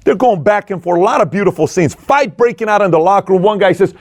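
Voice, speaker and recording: Talking fast with few pauses, a man energetically retells a film and its business lessons, voicing the characters' lines himself and alternating between loud and low delivery. It's clean studio audio with no echo.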